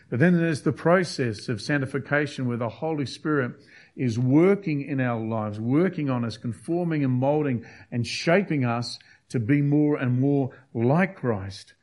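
Man, pastor, sermon, earnest, emphatic, mid-pitched voice, repeats himself. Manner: earnest, emphatic preaching with frequent restarts.

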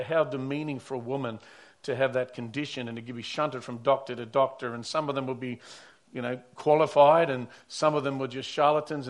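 Man, pastor, sermon, earnest storytelling, mid-range voice, repeats and restarts words. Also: medium pitch.

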